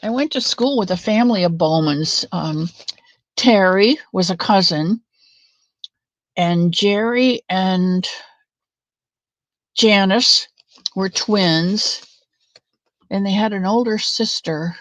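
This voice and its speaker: Slow, with long pauses, a woman speaks in a mid-range voice in a recording free of echo. She's at home in her craft room hosting a casual crochet stream, calling viewers by name and straying into side stories.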